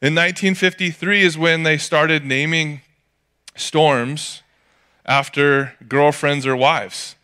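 Bright, crisp-voiced casual preacher. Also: male voice, on the high side, fairly even intonation, slow pace. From California. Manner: casual storytelling, jokey asides. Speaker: pastor. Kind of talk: sermon.

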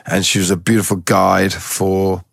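A man who trains dogs, telling stories in a relaxed, rambling way as a guest in an interview, with a gravelly, husky voice. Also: low-pitched, moderate pace, dry recording, studio quality. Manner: relaxed, rambling, with many restarts. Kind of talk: casual storytelling in a podcast interview.

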